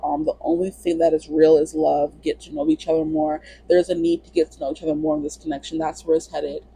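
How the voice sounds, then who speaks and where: A woman's voice: sits low, dark tone, husky, low-quality recording. A woman giving a casual pick-a-card tarot reading in a chatty, rambling way. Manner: chatty, rambling, lots of "you know". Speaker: tarot reader.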